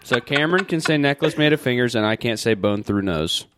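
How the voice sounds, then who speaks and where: A man's voice: mid-range voice, animated, fairly quick, a bit bright, no room sound. A young man in casual podcast banter, arguing back and swearing in exasperation.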